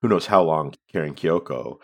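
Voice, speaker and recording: Low-voiced man in animated chat. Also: moderate pace. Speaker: podcast co-host. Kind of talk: casual chat about comics.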